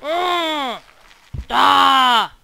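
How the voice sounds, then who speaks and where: Exasperated teen gamer yelling at the screen. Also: male voice, very high-pitched, gravelly, heavy background noise. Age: teens. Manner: exasperated, quick to groan and yell at the game. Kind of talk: let's-play commentary.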